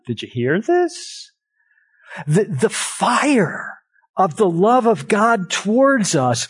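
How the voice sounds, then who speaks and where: A man preaching a sermon, with slow, deliberate delivery and emphatic repetition. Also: sits high. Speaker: pastor. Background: live-streamed church service.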